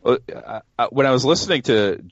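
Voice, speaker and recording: A man's voice: mid-range voice, a little fast, creaky, no room sound, muffled recording. A man co-hosting a podcast, joking and self-deprecating in casual chat. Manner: jokey, self-deprecating, laughs often. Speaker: podcast guest co-host.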